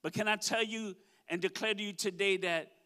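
High-voiced man preaching a sermon. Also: fairly even intonation, a little fast, sharp tone. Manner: emotional, declaring, calls on the congregation. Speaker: pastor. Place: church service.

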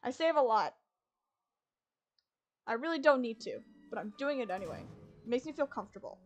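A woman's voice: a little high, expressive, brisk, faint music behind. Chatty woman streamer, wry self-talk. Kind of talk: casual gameplay commentary.

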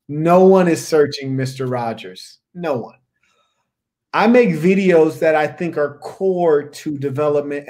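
A man's voice: a little high, a little mellow. A man hosting a discussion, talking in an emphatic, preachy way and repeating his key words for weight. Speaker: podcast host. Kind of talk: opinionated discussion.

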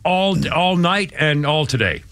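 A man in his seventies hosting a talk radio show, telling a story in a rambling, halting way with many restarts. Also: a little high, lively intonation, a bit bright, slight background noise. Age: 70s. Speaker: radio host. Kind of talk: casual radio chat.

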